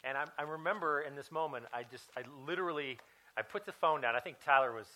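A man's voice: fairly high pitch, fast, sharp tone, low-quality recording. A man in his thirties preaching a sermon as a personal story, talking in a conversational way with many fillers and restarts. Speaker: pastor.

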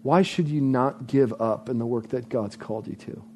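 A pastor preaching a sermon, emphatic, driving points home by repeating phrases. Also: male voice, mid-range voice, moderate pace, darkish tone, slight background noise.

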